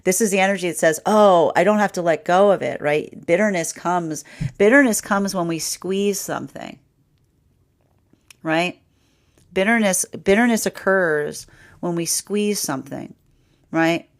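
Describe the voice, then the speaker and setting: A woman's voice: on the low side, unhurried. A woman giving a live tarot reading, rambling and repeating herself, with frequent "right?" and "like". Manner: laughs often, quoting the energy's voice. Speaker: tarot reader.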